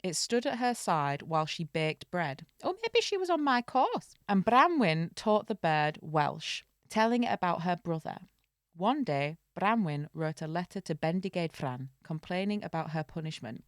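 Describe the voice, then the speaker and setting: A woman hosting a casual podcast, reading an old tale aloud and breaking off for quick jokey asides. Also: sits low, lively intonation, dry recording, clean studio sound. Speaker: podcast host.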